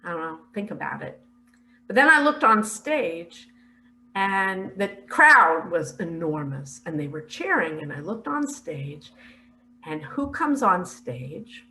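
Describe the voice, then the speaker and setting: An older woman earnestly recounting a spiritual vision in a slow, heartfelt, emotional way. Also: fairly low pitch, very animated, sharp tone, a little hiss or hum, poor audio. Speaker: spiritual speaker sharing visions.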